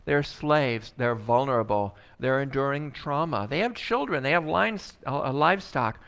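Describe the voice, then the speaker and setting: A male pastor preaching a sermon, animated and acting out a complaining crowd. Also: mid-range voice, normal speed, vocal fry, few pauses, clear, resonant tone.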